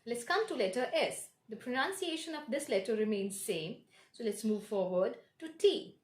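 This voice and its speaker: Woman, teaching pronunciation, fairly high voice, echoey room. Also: expressive. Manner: slow, deliberate, modeling sounds. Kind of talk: pronunciation lesson.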